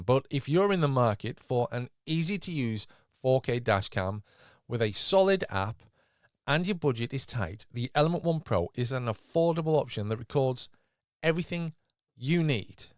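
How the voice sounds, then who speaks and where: A man reading a scripted product review as a voice-over, in a smooth, even delivery. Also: medium pitch, normal speed, no room sound, clean studio sound. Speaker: tech reviewer.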